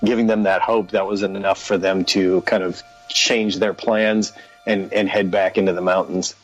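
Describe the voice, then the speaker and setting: A man's voice: sits low, flat delivery, moderate pace, lo-fi sound, soft background music. A man co-hosting a podcast, chatting casually about a book and sharing his opinions. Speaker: podcast co-host. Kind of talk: casual book club chat.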